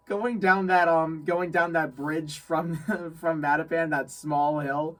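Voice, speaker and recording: A young man from New York telling a story in casual chat, animated, laughing often and repeating phrases. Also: fairly high pitch, slow pace, few pauses, recorded from a distance, low-quality recording. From New York State. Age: young adult. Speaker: guest friend.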